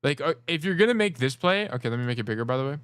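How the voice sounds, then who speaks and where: A man's voice: mid-range voice, lively intonation, rapid-fire, a bit bright, clean tone, dry recording. A man coaching players over a casual livestream, rambling, joking and swearing as he talks. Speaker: game coach.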